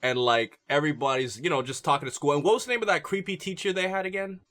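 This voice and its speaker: A man's voice: a little high, quick pace, a bit bright. A young man co-hosting a podcast, laid-back and rambling with many fillers. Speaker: podcast co-host. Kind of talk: casual podcast chat.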